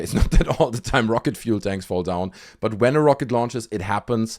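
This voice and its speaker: A young man hosting a casual commentary video, talking with animation and sarcasm and calling his viewers dude. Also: mid-range voice. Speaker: video host.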